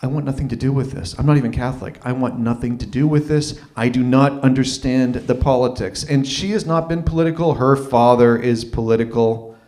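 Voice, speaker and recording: Brief: man in his 30s, live open-mic storyteller, mid-range voice, animated delivery. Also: mid-range voice, brisk, hardly any pauses. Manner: animated, acts out quoted voices. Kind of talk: personal storytelling.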